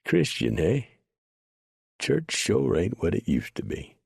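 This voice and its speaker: Man voicing a wry mountain man, folksy drawl, dry humor, deep gravelly voice, husky. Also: wildly swooping pitch, takes it slowly, a little mellow, no echo, full character voice. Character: rough old mountain man, wry, unbothered.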